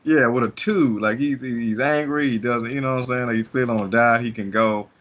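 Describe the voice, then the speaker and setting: A man's voice: medium pitch, steady tone, fairly quick, fairly bright tone, dull audio, a little hiss or hum. A man co-hosting a casual podcast chat, joking loosely and laughing between remarks. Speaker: podcast co-host.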